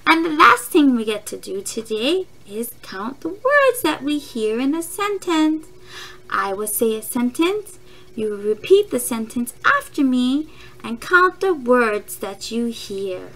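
A woman teaching a phonics lesson to young children, saying words slowly and clearly and repeating them for the class to echo. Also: a little high, big pitch swings, a bit bright. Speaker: kindergarten teacher.

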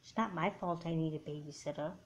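Woman doing a shy little sister in a doll film, quiet and hesitant. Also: low voice, a little fast, highs cut off, background noise. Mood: meek. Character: small, meek little-sister girl. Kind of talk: home doll-movie voice acting.

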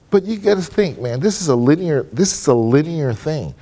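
On a casual panel in a conference room, a guest trumpet player speaks with a mellow voice on the high side, expressive and fairly quick, hardly pausing. His loose, candid talk before the audience is peppered with "you know" and "man."

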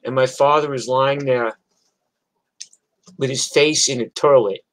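A man's voice: mid-range voice, steady tone, a little slow, poor audio. An older man from New York telling a personal story in a casual, rambling, profane way, with many restarts.

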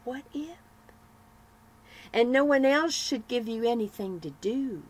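A woman voicing a gloomy churchgoing lady who frets over worried what-if questions, raising her pitch and volume. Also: expressive, a little slow, a little hiss or hum. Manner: fretful, piling up worried questions.

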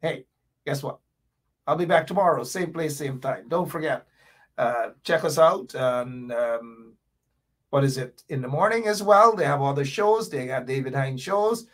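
A man hosting a political talk show, rambling and jokey, with animated outbursts. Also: medium pitch, unhurried. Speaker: radio talk show host.

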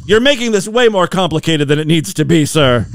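A man's voice: on the high side, animated, brisk, slight background noise. A man from Ohio hosting a podcast, giving sarcastic, joking commentary on a news clip. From Ohio, USA. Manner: sarcastic, jokey asides. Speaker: podcast host.

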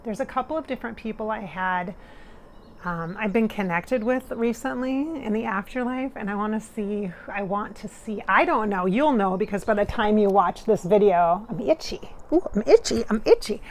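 A woman's voice: mid-range voice, moderate pace, slight background noise. A middle-aged woman working as a spirit medium talks casually to her viewers. She is earnest and emotional, laughs often and tears up. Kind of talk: casual monologue during a channeling session.

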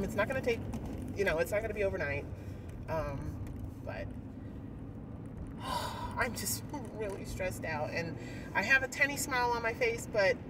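A woman vlogging candidly outdoors, her voice lively and rising and falling a lot as she rambles through her thoughts with sighs and fillers. She sits a little way from the mic, and loud traffic rumbles behind her. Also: recorded from a distance. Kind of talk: candid personal vlog rant.

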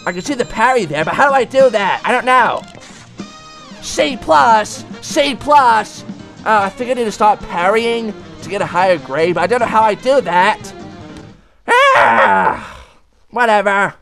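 Man voicing a male cartoon cat, shrieking game commentary, very high pitch, lively swings, soft music behind. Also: moderate pace. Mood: excited. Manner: yelps and screams, talks to the bosses. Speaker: let's play gamer.

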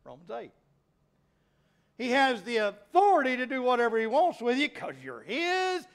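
A middle-aged pastor preaches in a folksy, animated way, building to rising emphatic peaks. His voice is very high and he speaks at normal speed.

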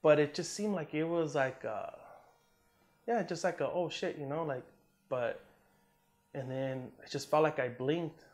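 A man's voice: fairly high pitch, measured pace, pauses often. Laid-back veteran man, swearing storyteller. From Southern California. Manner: relaxed, profane, lots of "man" and "you know", acts out quotes. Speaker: interview guest, Army combat veteran. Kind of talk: casual storytelling interview.

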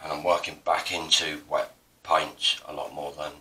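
A man from Essex in South East England narrates a printmaking demonstration in a bass voice, level in tone and at normal speed. Recorded from a distance over a noisy background, he chats casually, rambles, digresses and pokes fun at himself.

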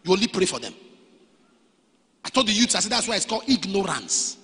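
A male pastor preaching a sermon, dropping to quiet storytelling and then rising to shouted lines. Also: high voice, very animated, moderate pace. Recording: reverberant hall.

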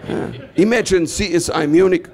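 A man's voice: high-pitched, moderate pace, darkish tone. A German man with a German accent performing a stand-up comedy routine in English, telling stories with mock-pompous, self-deprecating punchlines. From Bavaria, southern Germany.

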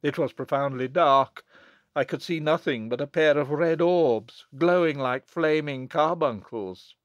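A man reading a gothic novel aloud in a measured, grave manner. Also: on the high side, no echo, muffled recording. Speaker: audiobook narrator. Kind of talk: scripted narration.

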